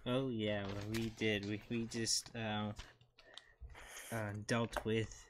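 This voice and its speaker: Easygoing male player, slow-paced and a bit hesitant. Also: lowish voice, little pitch movement, slight background noise. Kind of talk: playing a tabletop game.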